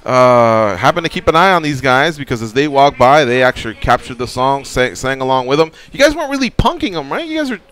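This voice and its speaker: A man's voice: medium pitch, fairly quick, hardly any pauses. A man hosting a radio talk show, chatting casually and picking apart a guest's story. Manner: animated, chatty, breaks down stories.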